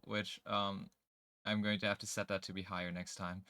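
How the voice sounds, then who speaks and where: Male streamer, bright tone, crisp clean voice, dry close mic, casual chatty talk. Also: on the low side, flat delivery, normal speed, no echo. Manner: chatty, laughs easily, checks his setup aloud. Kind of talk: casual live-stream chat.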